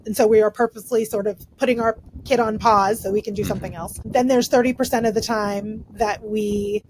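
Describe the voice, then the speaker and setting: A woman's voice: a little high, slight background noise, poor audio. A woman who is a clinical psychologist, explaining in a casual, chatty way with frequent fillers and "right?" tags.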